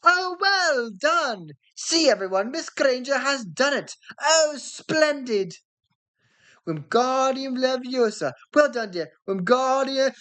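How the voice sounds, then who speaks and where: A woman voicing a tiny, fussy old male professor in a raised, chirpy voice with drawn-out words. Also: big pitch swings, fairly bright tone, exaggerated voice. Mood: delighted. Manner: high-pitched, drawn-out and chirpy.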